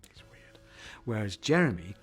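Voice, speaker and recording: A man's voice: fairly low pitch, big pitch swings, normal speed, husky, soft background music. A man who presents a TV show, teasing his co-hosts with jokey asides in a casual press interview.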